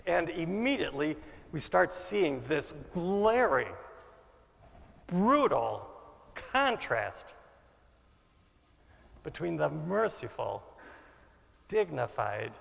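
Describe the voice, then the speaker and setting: A man preaching a sermon with a dramatic delivery, swinging from loud bursts to soft asides. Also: on the high side, big pitch swings, slow pace, vocal fry, long pauses, long reverb tail.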